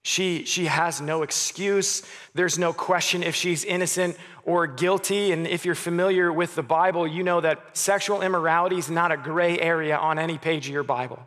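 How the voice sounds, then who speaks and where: A man in his thirties preaching a sermon as a pastor. He speaks earnestly, stumbles on restarts, and drops soft and quiet on key words. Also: fairly high pitch, fairly even intonation, normal speed, few pauses. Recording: long reverb of a hall.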